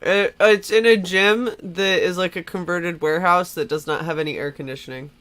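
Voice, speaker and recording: A woman's voice: lowish voice, steady tone, normal speed, a bit bright. A congested woman chatting casually as a player, laughing often. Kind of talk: casual chat.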